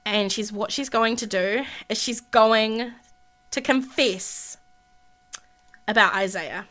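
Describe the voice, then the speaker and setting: A woman's voice: a little high, slow pace, a bit bright. A woman hosting a gaming video, narrating gameplay in casual chatty commentary with plenty of fillers.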